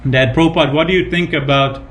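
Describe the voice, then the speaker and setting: A man's voice: on the high side, fairly even intonation, fast talker, fairly bright tone, a little hiss or hum. A man giving a devotional scripture class, retelling anecdotes with emphatic repetition and casual fillers. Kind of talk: devotional sermon with retold anecdotes.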